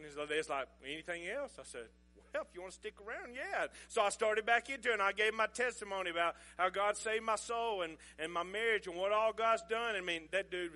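Folksy preacher, bright voice. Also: male voice, sits high, brisk, hardly any pauses. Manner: folksy, chuckling, conversational. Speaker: pastor. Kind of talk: sermon illustration storytelling.

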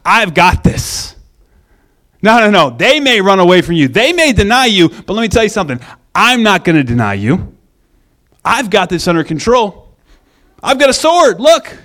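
A man's voice: sits high, sing-song, normal speed. A man acting out an eager, boastful male apostle who always insists he has a plan.

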